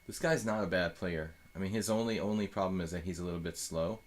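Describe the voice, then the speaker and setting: Deep-voiced man rambling over chess. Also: quick pace. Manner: thinks aloud, rambling with fillers. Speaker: chess streamer. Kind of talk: live chess commentary.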